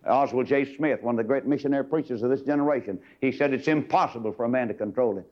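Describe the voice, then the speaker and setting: An older man preaching a fiery, emphatic sermon, swinging from loud high bursts down to low murmurs. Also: fast talker. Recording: dull lo-fi sermon tape.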